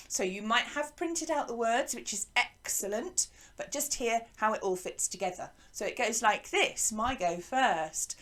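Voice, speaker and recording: Teacher lady, high voice, slow and patient, walking kids through a song, faint music behind. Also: fairly bright tone. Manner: patient, encouraging, explains step by step. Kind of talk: online singing lesson.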